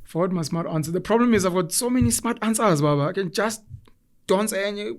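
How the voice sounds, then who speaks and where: A man's voice: high voice, quick pace. A young South African man hosting a podcast, telling stories animatedly and acting out quoted voices. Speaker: podcast host. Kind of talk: casual conversation.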